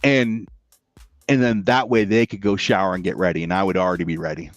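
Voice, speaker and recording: A man's voice: sits low, brisk, no echo, soft background music. A man hosting a podcast, swapping army stories in casual chat and acting out what people said. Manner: animated storyteller acting out quotes. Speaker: podcast host.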